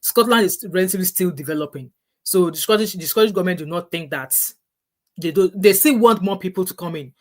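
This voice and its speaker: With a fairly low pitch and a quick pace, she gives casual advice on her vlog. The middle-aged woman has a Nigerian English accent and comes across as earnest, repeating points and restarting sentences often.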